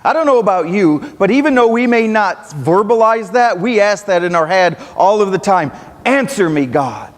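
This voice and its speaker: A man in his thirties preaches in a casual, storytelling way, often restarting his sentences. His voice sits fairly high for a man. The sound carries the long reverb of a church sanctuary. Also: lively intonation, moderate pace, few pauses. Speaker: pastor. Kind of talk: sermon.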